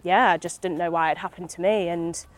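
A woman's voice: lowish voice, steady tone, a little fast, dry recording. A young woman from Britain, speaking candidly as an interview guest with many fillers and restarts, recorded outdoors in a park.

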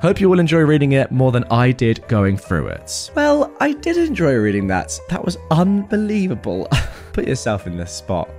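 A man reads a story aloud for his podcast in a mid-range voice. His delivery swings widely up and down in pitch. Quiet music plays underneath. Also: moderate pace. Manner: expressive, animated reading.

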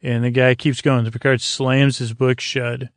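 A man's voice: medium pitch, level tone, a little slow, dry recording, studio quality. A man hosting a podcast, giving a meandering, hesitant episode recap full of fillers, meant to lull listeners to sleep. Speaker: podcast host.

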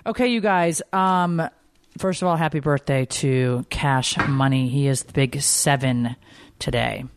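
A woman's voice: rumbling low, a little slow. A woman in her forties hosting a podcast, chatting casually and telling family stories in an emotional, gushing way. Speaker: podcast host. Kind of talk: casual chat.

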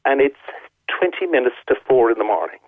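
Here's a caller with an Irish accent, speaking in a mid-range, sing-song voice at a fairly quick clip. Over a tinny telephone line with no room sound, he spins a long, vivid story for a radio phone-in and repeats himself for emphasis.

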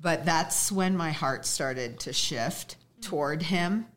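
A woman, a podcast guest, sharing a personal story in a heartfelt way, quick to laugh. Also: deep voice, fairly bright tone.

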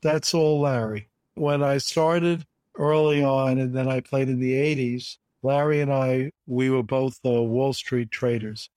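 A man's voice: mid-range voice, fairly even intonation, unhurried, hardly any pauses, darkish tone, dry recording. Older man telling stories, dry sound. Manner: emphatic, repeats words for stress. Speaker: bridge player guest. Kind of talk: anecdotal interview storytelling.

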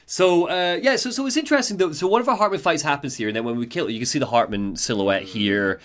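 A man's voice: a little high, fast talker, a bit bright. A man hosting a casual podcast, recapping game lore enthusiastically and laughing easily. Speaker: podcast host.

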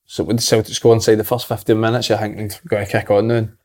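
A man's voice: fairly low pitch, level tone, fast talker. A Scottish man co-hosting a football podcast, giving firm opinions in casual chat. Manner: opinionated, repeats words.

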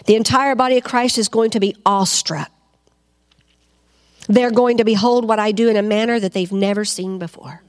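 A woman preaching a fervent sermon to a congregation, asking them questions and rising to loud cries. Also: mid-range voice, fairly even intonation, moderate pace. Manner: asks the crowd questions.

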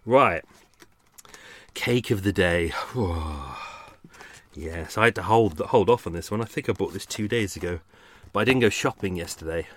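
A man's voice: deep voice, normal speed, pauses often, fairly bright tone, no echo. A man hosting a podcast, chatting in a rambling, self-mocking unscripted monologue at home. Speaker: podcast host. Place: home, walking off from the mic to make tea.

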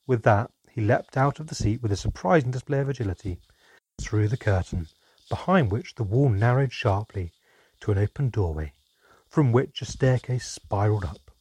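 A man narrating a fantasy audiobook in a calm, even storytelling manner. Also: on the low side, normal speed, breathy edge, dry recording.

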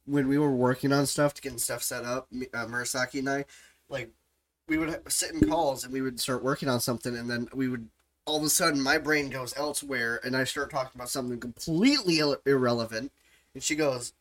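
A man's voice: medium pitch, fairly quick, a bit bright, rough recording. A man hosting a podcast in casual chat, giggly and easily sidetracked. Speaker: podcast host.

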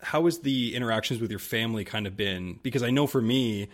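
Young guy hosting a podcast, talks fast, lots of "like" and "kinda", mid-pitched voice. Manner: fast, rambling, many fillers, frequent backchannels. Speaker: podcast host. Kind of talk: casual interview conversation.

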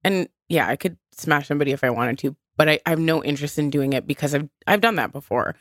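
A woman's voice: sits low, animated, quick pace, no room sound, clean studio sound. A woman in her thirties chatting candidly and bluntly on a podcast, laughing often. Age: 30s. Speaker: podcast co-host. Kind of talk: casual chat.

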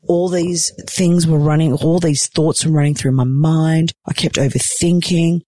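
A woman's voice: deep voice, a little slow, few pauses, no room sound. A woman giving a dramatic, gushing casual recap from a hospital bed. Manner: gushing, dramatic, expressive storyteller. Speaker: reality TV cast member recapping episodes.

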